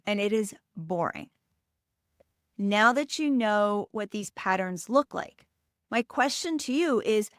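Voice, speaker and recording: A woman's voice: mid-range voice, no room sound, studio quality. A woman hosting a podcast, coaching listeners in an emphatic, direct way.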